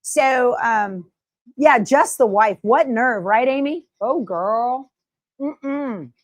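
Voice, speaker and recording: A woman's voice: a little high, takes it slowly, no echo. A middle-aged woman hosting a casual sewing livestream, chatting, laughing often and reading viewer comments aloud. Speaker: sewing show host.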